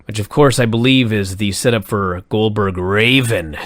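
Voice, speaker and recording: A man co-hosting a podcast, excitable and enthusiastic, swearing freely as he chats. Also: fairly low pitch, moderate pace, no echo, clean studio sound. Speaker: podcast co-host. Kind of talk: casual podcast chat.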